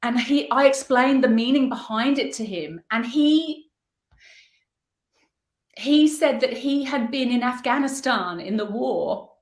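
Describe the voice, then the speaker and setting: A middle-aged woman from the United Kingdom, a guest artist telling her story in an interview, earnest and reflective, pausing as she searches for words. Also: on the high side, animated. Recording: echoey room.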